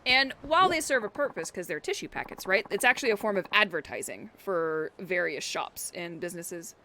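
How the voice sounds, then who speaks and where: Her voice is on the low side yet bright and forceful, with lively intonation and a brisk pace. This woman streams a game, joking, teasing, and talking back to the characters as playful let's-play commentary. Game music plays in the background, with slight noise.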